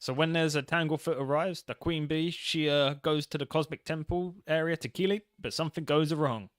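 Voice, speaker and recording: A man voicing a theatrical fairy godfather who is also a mafia boss, with a put-on Italian accent and a drawn-out drawl. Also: fairly high pitch, fairly even intonation, no echo, clean studio sound, natural voice.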